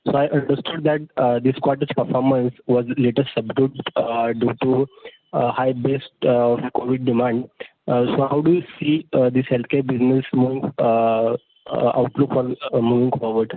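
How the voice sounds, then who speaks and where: A man, an analyst asking a question haltingly with constant fillers. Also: medium pitch, fairly even intonation, no room sound. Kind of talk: call question. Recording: tinny phone line with faint hiss.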